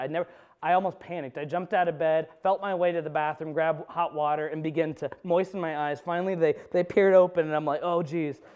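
Smooth-voiced man preaching a casual sermon. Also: fairly high pitch, a little mellow, highs cut off. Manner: personal storytelling with self-deprecating humor. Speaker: pastor. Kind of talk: conversational sermon. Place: church sanctuary.

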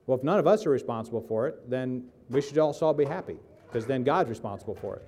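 A man's voice: medium pitch, lively intonation, fast talker, a little mellow, a little hiss or hum. A man preaching a casual sermon, joking and putting questions to the congregation. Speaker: pastor. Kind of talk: conversational sermon.

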